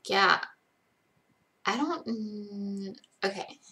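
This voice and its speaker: Her delivery is extremely slow, at medium pitch, with a bright and forceful tone. She's a young livestream host doing a relaxed late-night Q&A from home, chatty, rambling and self-deprecating.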